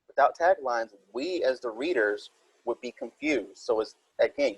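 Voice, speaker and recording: A man's voice: medium pitch, husky, no echo, rough recording. A man teaching a recorded writing minilesson, explaining step by step and reading example sentences aloud.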